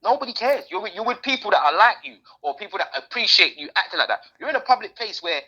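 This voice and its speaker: A woman's voice: medium pitch, animated, fast, pushed and bright, slightly rough. A woman co-hosting a podcast, chatting in an opinionated, slangy way. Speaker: podcast co-host. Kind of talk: casual chat. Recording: dull lo-fi sound.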